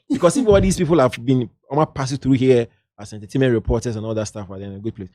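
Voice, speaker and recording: Ghanaian man telling lively stories. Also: mid-range voice, fast talker, no room sound, clean studio sound. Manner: lively anecdotal, drifts into local slang. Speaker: guest, entertainment journalist. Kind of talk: casual interview storytelling.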